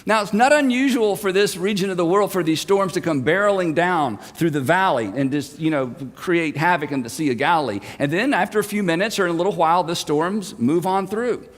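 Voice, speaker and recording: High-voiced pastor preaching in an echoing hall. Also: male voice, a little fast, few pauses. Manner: lively storytelling, shifting between loud and hushed. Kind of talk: sermon.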